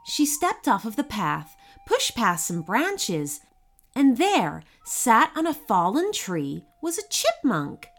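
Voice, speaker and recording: A woman narrating a children's storybook in an unhurried, expressive way. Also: on the high side. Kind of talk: storybook reading.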